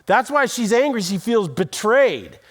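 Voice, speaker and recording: A man's voice: sits high, sing-song, measured pace. A male pastor preaching a sermon in a church, telling stories conversationally and acting out quoted voices, with dry, self-deprecating humor. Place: church auditorium.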